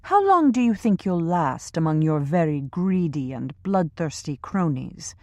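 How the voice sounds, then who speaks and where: A woman reading a scheming, ruthless female boss in an audiobook, sharp, sarcastic and commanding. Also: sits low, big pitch swings, a little slow, no room sound, full character voice. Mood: threatening.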